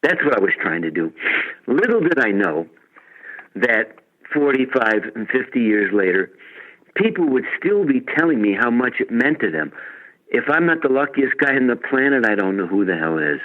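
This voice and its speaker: An older man from Chicago talks in a lively, swooping way, spinning playful stories as an interview guest. His voice comes through a tinny, narrow phone line. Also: mid-range voice, normal speed. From Chicago, USA. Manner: animated, storytelling, playful. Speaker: musician guest. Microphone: telephone.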